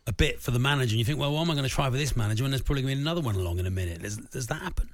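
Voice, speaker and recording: A man hosting a casual football chat, asking questions and agreeing quickly. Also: medium pitch, animated. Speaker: radio host. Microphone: studio microphone.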